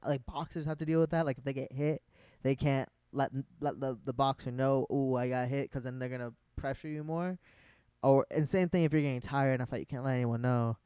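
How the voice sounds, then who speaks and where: A man's voice: mid-range voice, smooth, no room sound. Rambling, filler-heavy man telling a story. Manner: animated when the story peaks. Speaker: vlogger. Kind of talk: casual storytelling.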